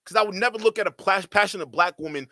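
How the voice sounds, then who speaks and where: A man's voice: high-pitched, quick pace, pushed and bright, no room sound, clean studio sound. A man hosting a livestream, giving heated, profane commentary in a ranting manner. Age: adult. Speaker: streamer host.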